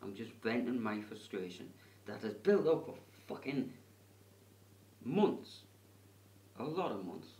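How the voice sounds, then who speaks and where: A man venting into his camera at home, swearing and shouting hard, with a lung problem straining his voice. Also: sing-song, measured pace, pauses often, far from the mic. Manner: low muttering, then furious screaming rant. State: lung problem, worried about losing voice. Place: bedroom at home, window closed. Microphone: camera in the room.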